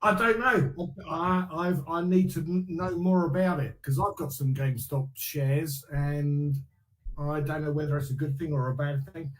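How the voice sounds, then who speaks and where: A man's voice: a little high, fairly even intonation, normal speed. An English man joining a livestream as a guest, chatting in an easygoing way and laughing often. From England. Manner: laughs easily, easygoing, repeats himself. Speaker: stream guest. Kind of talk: casual livestream chat.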